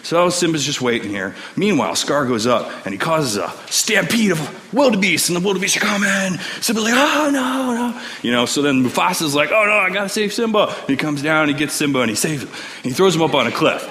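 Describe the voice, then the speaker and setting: A man's voice: on the high side, a little fast. A man casually and chattily retelling a story during a service in a worship hall. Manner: animated, chatty. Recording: long hall reverb, faint noise.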